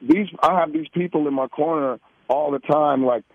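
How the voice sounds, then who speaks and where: A man's voice: on the high side, moderate pace, gravelly, no echo. A man, a musician being interviewed on the radio, talking in a casual, rambling way and often asking "you know what I mean". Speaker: musician guest. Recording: tinny phone-like line.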